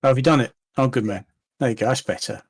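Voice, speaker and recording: A man's voice: mid-range voice, fast talker, slightly rough, no room sound. A man, co-hosting a casual live chat with dry, joking banter.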